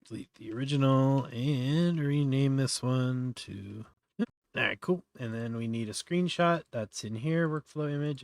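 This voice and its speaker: A man's voice: mid-range voice, no echo, studio quality. Man thinking aloud through a tutorial. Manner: thinking aloud with many fillers and trailing restarts. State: yawning often. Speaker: live-stream host. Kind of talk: live-stream software tutorial, casual.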